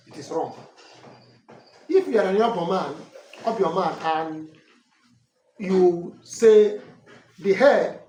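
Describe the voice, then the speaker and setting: A man's voice: high-pitched, expressive, slow pace, pauses often, darkish tone. A Nigerian man whose first language is Ikwerre, giving an earnest, corrective talk that explains names and dialect words. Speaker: language and culture teacher. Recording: roomy echo from a distant mic, faint noise.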